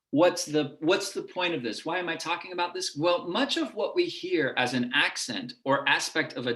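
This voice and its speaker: A man with a lower Midwest American accent giving an online lecture and demonstrating vowel sounds as he explains. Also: a bit bright, reverberant. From United States.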